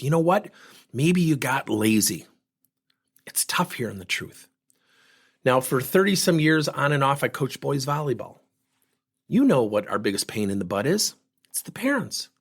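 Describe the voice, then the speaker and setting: A middle-aged man telling workplace stories and acting out both sides of the conversations in an animated way. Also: on the high side, slightly rough. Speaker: host. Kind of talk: storytelling talk on communication.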